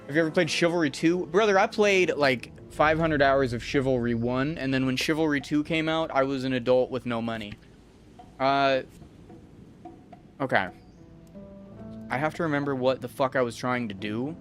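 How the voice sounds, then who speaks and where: A man's voice: mid-range voice, normal speed, faint music behind. A young adult man casually rambling and swearing as he streams a game and talks to his chat. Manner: profane, rambling, talks to chat while playing. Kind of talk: casual gameplay commentary.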